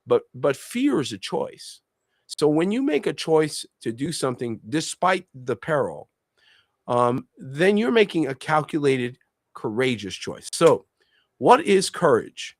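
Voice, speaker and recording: A man's voice: a little high, very animated, unhurried, no echo. Passionate middle-aged man testifying. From Puerto Rico. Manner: passionate, emphatic, repeats key phrases. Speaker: co-host and minister. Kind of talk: religious discussion with personal testimony.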